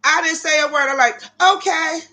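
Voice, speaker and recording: A woman's voice: high-pitched, animated, unhurried, bright, forceful tone. A woman hosting a livestream, telling stories to her chat viewers in a brash, profane way and talking to them as "y'all". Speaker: livestream host. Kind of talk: casual storytelling to live chat viewers.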